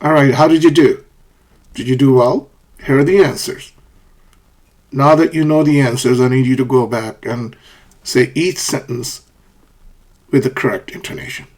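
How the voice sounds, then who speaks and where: Husky-voiced man teaching English. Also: mid-range voice, fairly even intonation, moderate pace, pauses often, darkish tone. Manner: checks in often with "okay?" and "right?"; models intonation by repeating example sentences. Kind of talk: online English lesson.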